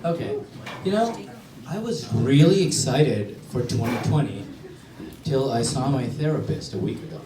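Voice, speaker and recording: A man's voice: medium pitch, lively intonation, moderate pace, recorded from a distance. A man in his thirties performing a stand-up set, animatedly acting out both sides of his conversations. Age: 30s. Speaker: stand-up comedian. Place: comedy club stage. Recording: roomy, from off-mic, faint crowd. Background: audience laughter.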